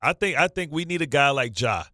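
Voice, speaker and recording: A man's voice: a little high, lively intonation, brisk, pushed and bright, no echo, studio quality. A man hosting a sports radio show, talking in nervous, stammering, repeating bursts of banter. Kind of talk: excitable sports talk banter.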